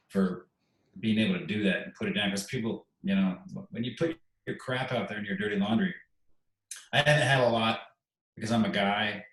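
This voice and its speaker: A man's voice: fairly low pitch, a little fast, a bit bright, far from the mic. A middle-aged man, a military veteran and podcast guest, talking in a heartfelt, rambling way and repeating himself. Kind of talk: podcast interview. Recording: echoey room, off-mic.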